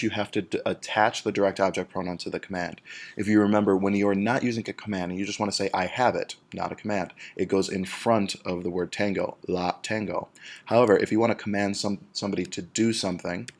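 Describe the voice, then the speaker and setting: A deep-voiced male teacher talks through a grammar lesson in a steady, patient way. He works through each example step by step and draws out the key words slowly so students can follow. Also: creaky. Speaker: Spanish teacher.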